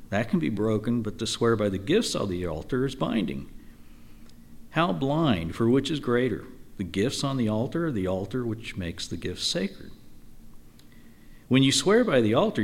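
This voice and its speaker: Lively conversational man teaching Scripture. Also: medium pitch. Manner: conversational, lively, with frequent "you know" asides. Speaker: Bible teacher. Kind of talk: informal Bible study teaching.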